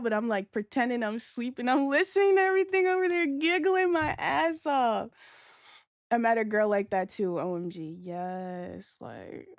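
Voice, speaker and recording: A woman's voice: on the high side, smooth, dry recording, studio quality. A young adult woman livestreaming, telling a casual story to her chat in slangy, profane speech and laughing as she goes.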